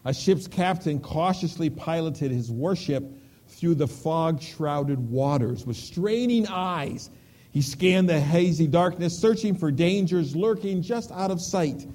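A male preacher delivering a sermon, storytelling with emphasis and dropping to a hush on key words. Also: on the high side, lively intonation, measured pace.

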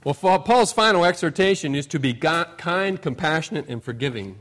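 A middle-aged man, a pastor, preaching a conversational sermon with folksy personal stories. He pushes up for emphasis, then lets phrases trail off softly. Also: fairly high pitch, animated, fairly quick.

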